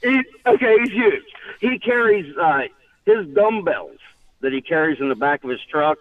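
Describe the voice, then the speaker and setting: A man's voice: on the high side, expressive, moderate pace, far from the mic. A man calling in to tell a story in casual chat, rambling with restarts and laughing often. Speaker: caller. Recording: tinny phone line.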